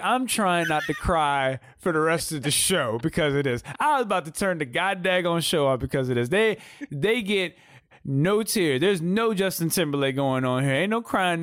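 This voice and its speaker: A man's voice: fairly high pitch, animated, normal speed, fairly bright tone, no room sound, studio quality. A man co-hosting a podcast, chatting casually about wrestling in an emphatic, slangy way, often repeating himself. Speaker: podcast co-host. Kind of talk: casual wrestling review chat.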